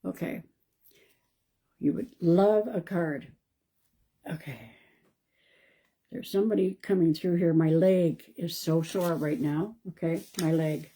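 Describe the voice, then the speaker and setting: A woman, a psychic medium, doing a live-stream card reading in a calm, reassuring way and thinking aloud. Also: on the low side, slow, long pauses, husky. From Canada.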